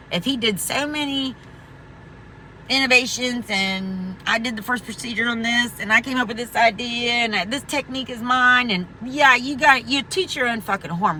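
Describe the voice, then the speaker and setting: A woman's voice: fairly high pitch, sharp tone, slight background noise. A woman vlogging an angry, profane rant, emphatic and rambling, full of restarts. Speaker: veteran vlogger.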